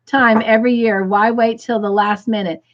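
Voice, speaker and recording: A woman hosting a crochet live stream, reading viewer comments aloud and gushing with excitement. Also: on the high side, moderate pace, muffled recording.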